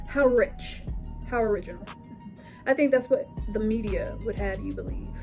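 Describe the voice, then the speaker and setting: A woman giving an explanatory commentary monologue, lecturing with rhetorical questions and emphatic lists. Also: mid-range voice. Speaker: political commentary vlogger.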